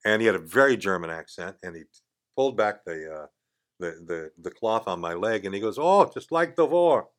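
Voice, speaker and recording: Older man spinning a lively studio yarn. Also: deep voice, fairly quick. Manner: animated, acts out quoted voices, chuckles mid-story. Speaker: podcast guest. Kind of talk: casual storytelling. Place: radio studio.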